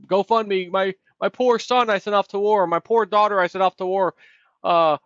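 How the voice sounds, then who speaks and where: A man's voice: steady tone, moderate pace, a bit bright, dry recording. A man putting on the voice of a pleading parent begging online for help to bring a soldier home. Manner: pleading, higher voice. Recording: dull, lo-fi, dry.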